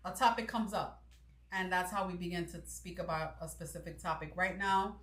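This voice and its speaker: A woman's voice: fairly low pitch, steady tone, normal speed, a bit bright, roomy sound. A woman co-hosting a casual livestreamed podcast, chatty and repeating her greetings to viewers. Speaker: podcast co-host. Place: Kissimmee, Florida.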